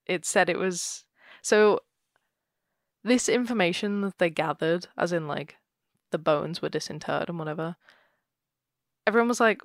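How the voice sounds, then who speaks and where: A woman's voice: lowish voice, normal speed, gravelly, no echo, studio quality. A woman co-hosting a podcast, chatting casually and laughing often as she retells a ghost story. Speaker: podcast co-host.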